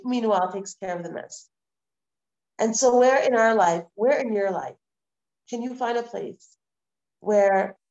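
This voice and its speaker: A woman teaching a live online Torah class, lecturing in a lively, conversational way with repeated phrases and rhetorical questions. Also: fairly high pitch, lo-fi sound. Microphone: video call.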